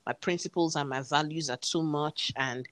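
A woman's voice: low voice, normal speed, a bit bright, no room sound. A woman, earnestly retelling a personal story and acting out the dialogue. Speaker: guest telling her story.

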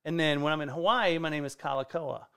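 A man with a high-pitched, gravelly voice tells a rambling story on a casual comedy podcast. He swears freely and gets excitable as he goes. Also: quick pace. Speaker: stand-up comedian.

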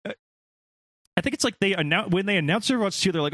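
A man's voice: high voice, lively intonation, fast talker, a bit bright, no echo. A man co-hosting a casual gaming podcast, rambling, swearing freely and laughing often.

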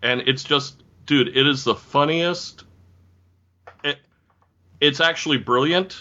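Man, casual podcast co-host, rambling and amused; bright tone, dull lo-fi sound. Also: on the high side, takes it slowly. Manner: rambling, amused, eager to share. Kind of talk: casual chat.

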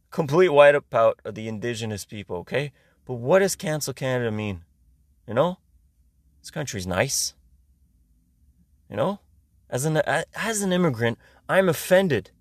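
A young man from Iran, his first tongue, hosts a podcast with a loose, ranting comic monologue. He talks sarcastically and swears freely, his pitch sitting in the middle range. The sound is dry and close with no room echo. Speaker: podcast host. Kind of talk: casual comedic monologue.

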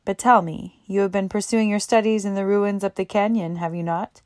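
A woman's voice: mid-range voice, steady tone, normal speed, a little mellow, dry recording, studio quality, lightly acted. A woman voicing a cheerful, jovial middle-aged male doctor who teases and jokes in a hearty way. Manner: hearty, teasing.

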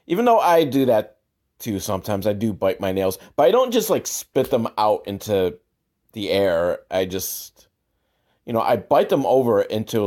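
A man giving rambling, sarcastic commentary on a movie, wandering off on tangents with lots of filler words. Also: on the low side. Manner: rambling, deadpan, tangent-prone with many "like" fillers.

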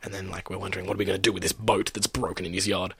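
A man's voice: low-pitched, flat delivery, very fast, slightly rough. A man casually telling a party story, acting out the lines of others with lots of laughing. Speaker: storyteller guest. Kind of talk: casual chat.

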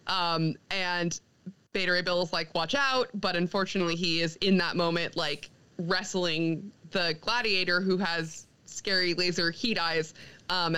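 A young woman co-hosting a podcast, recapping a comic in a casual, animated way, quoting the characters and laughing often. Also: on the low side, clean tone, low-quality recording. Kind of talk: casual chat.

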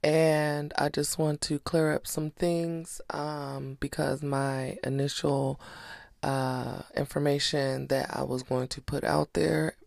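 A woman's voice: sits low, vocal fry, darkish tone, no echo, clean studio sound. A woman hosting a podcast, giving blunt, profane casual commentary. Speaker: podcast host.

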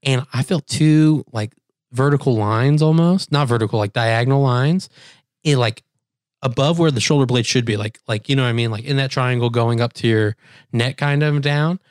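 Man, podcast co-host, casual chat, rambling, squeaky put-on voices in quotes, dry close sound. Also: moderate pace, dry recording.

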